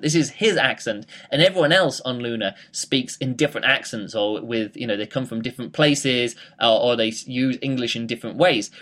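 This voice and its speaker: A man's voice: on the high side, fairly bright tone. A man giving a casual spoken book review, rambling with many fillers and restarts.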